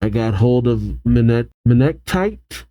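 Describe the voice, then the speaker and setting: A man's voice: mid-range voice, animated, measured pace, warm tone, no echo, close to an everyday voice. A man doing a smug villain grunt. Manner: gloating, lecturing.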